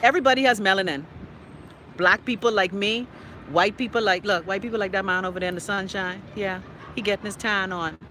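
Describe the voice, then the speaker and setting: A woman's voice: mid-range voice, fairly even intonation, fairly quick, sharp tone, slight background noise. A middle-aged woman with a Bahamian accent hosting a live talk show. She rants in a brash, profane way and teases her viewers by name. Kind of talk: casual live-stream rant.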